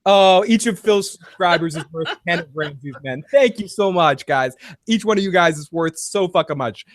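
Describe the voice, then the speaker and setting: A man hosting a live recap show, excitable and profane, laughing often as he talks. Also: high voice, moderate pace, no echo, studio quality. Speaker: podcast host.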